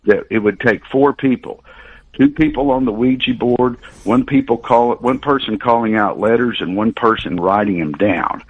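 An older man from Oklahoma calls in to a radio show over a dull, lo-fi phone line, his voice sitting fairly low. He retells a long story earnestly and ramblingly, often stopping to restart a thought. The sound is dry and close. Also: dry recording. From Oklahoma, USA. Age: 60s. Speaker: radio caller. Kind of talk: call-in storytelling. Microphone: telephone.

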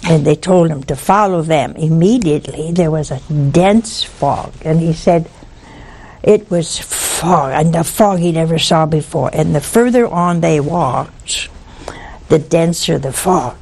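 A woman's voice: low voice, measured pace, a little mellow. A woman speaking on a religious broadcast, telling a story in an earnest, emphatic way and repeating lines for effect. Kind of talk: preachy storytelling talk.

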